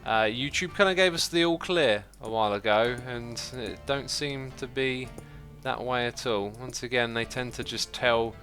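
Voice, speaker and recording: A man hosting a gaming livestream answers chat loosely and ramblingly, thinking aloud with lots of fillers and restarts and hardly pausing. His medium-pitched voice is bright and forceful at a moderate pace, with faint music behind him.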